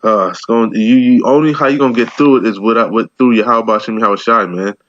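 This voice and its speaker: Slangy low-voiced man preaching. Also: fairly even intonation, a little fast, a bit bright, muffled recording. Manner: streetwise, slangy, rambling, says "man" a lot. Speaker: bible teacher. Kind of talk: casual scripture commentary.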